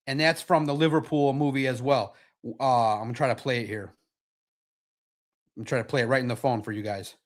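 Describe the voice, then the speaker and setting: A man with a mid-range voice hosts a sports podcast livestream, chatting casually. He is animated and repetitive, often restarting his sentences.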